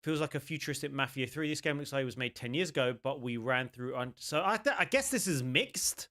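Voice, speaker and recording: Excitable young man reacting to game trailers. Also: medium pitch, a little fast. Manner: excitable, rambling, jokey. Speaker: gaming channel host. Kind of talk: casual trailer reaction chat.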